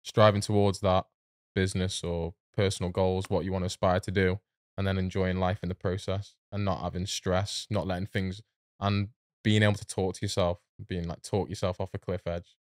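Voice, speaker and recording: Young man, podcast guest, low flat smooth voice, earnest motivational talk. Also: normal speed, no echo, clean studio sound. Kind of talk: reflective casual chat. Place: podcast studio.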